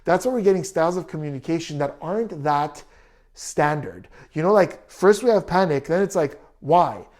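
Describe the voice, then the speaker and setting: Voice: mid-range voice, normal speed, a little mellow. A commentator breaking down a text exchange in a video, building each point through rhetorical questions. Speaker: commentator analyzing text messages.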